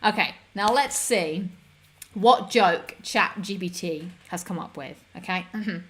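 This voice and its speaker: A woman's voice: on the low side, unhurried, a bit bright. Chatty woman streamer. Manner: chatty and self-deprecating, rambling with fillers and giggles. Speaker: livestream host. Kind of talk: casual chat with viewers.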